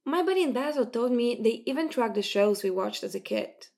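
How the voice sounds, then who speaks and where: A woman reading the part of an earnest teen boy who is a guarded, proud sports fan, in her own slightly gravelly voice. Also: on the high side, animated, a little fast, darkish tone. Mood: easygoing. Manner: guarded, easily teased.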